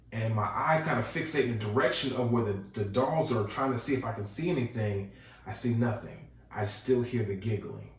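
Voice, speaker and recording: Man telling a ghost story, echoey room. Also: mid-range voice. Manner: animated ghost-story telling, chuckles through it. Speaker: podcast host. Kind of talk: casual storytelling. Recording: echoey room, distant mic.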